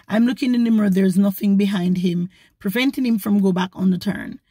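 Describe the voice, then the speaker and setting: Husky woman telling a story. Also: medium pitch, brisk, dry recording. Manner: animated, indignant retelling. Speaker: vlogger. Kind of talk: storytelling to camera.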